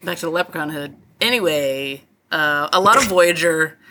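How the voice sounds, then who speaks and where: A woman's voice: sits low, lively intonation, moderate pace, bright, forceful tone, a little hiss or hum. A woman co-hosting a podcast, chatting casually and laughing often. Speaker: podcast co-host. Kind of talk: casual chat.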